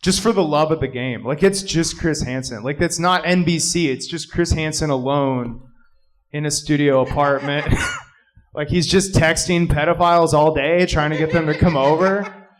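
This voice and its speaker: High-voiced man doing stand-up. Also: normal speed, rough recording. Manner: rambling, jumps into shouted character voices. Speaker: stand-up comedian. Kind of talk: stand-up comedy set. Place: live comedy club.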